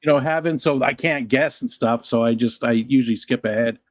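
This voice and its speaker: Male livestream guest, mid pitch, dry sound, rambly. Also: brisk, no echo. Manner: rambling, repeats himself. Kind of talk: casual livestream chat.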